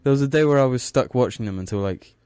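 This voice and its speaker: A man's voice: mid-range voice, fast, dark tone, smooth, dry recording, clean studio sound. A young man co-hosting a podcast, telling a story in a laid-back way. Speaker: podcast co-host. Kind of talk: casual chat.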